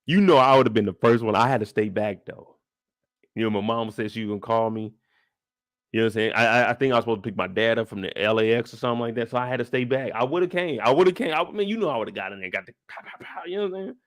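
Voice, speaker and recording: A man hosting a live after-show, telling a story in an animated, profane way with sound effects. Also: fairly low pitch, quick pace, dry recording. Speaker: show host.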